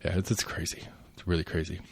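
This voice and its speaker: A man's voice: low-pitched, flat delivery, fast talker, gravelly, husky. A man co-hosting a casual current-affairs podcast, rambling with lots of fillers and restarts and the odd swear word. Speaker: podcast co-host.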